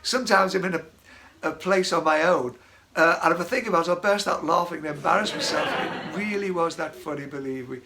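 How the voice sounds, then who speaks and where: A man's voice: a little high, fairly quick, background noise. A man, a band member, recalling a stage story and laughing through it as he talks. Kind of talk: anecdote telling.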